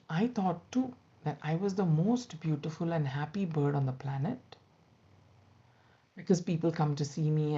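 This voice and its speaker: A woman's voice: deep voice, gravelly, warm tone, exaggerated voice. A woman doing a wistful caged male peacock. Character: proud, wistful male peacock kept in a zoo. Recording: dull lo-fi recording.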